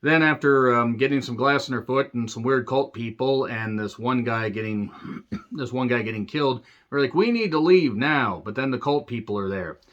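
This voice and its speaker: A man's voice: mid-range voice, normal speed, fairly bright tone. A man tearing into a film he hated, his review a profane, sarcastic rant. He drifts off into jokey tangents and comes back to the point. His voice sits in a middle range, and the recording sounds a little dull and lo-fi. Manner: sarcastic, profane, rambling asides. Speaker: movie reviewer. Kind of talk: ranting movie review.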